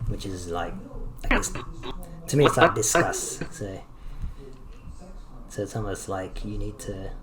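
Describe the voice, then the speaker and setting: A man's voice: sits low, background noise. A man critiquing a student's animation, explaining his notes thoughtfully while searching for words. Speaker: animation instructor.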